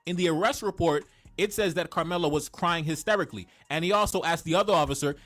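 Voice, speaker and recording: A man's voice: on the high side, fairly quick, fairly bright tone, soft background music. A man commenting on a criminal case, talking in an explanatory way and often checking in with "right?".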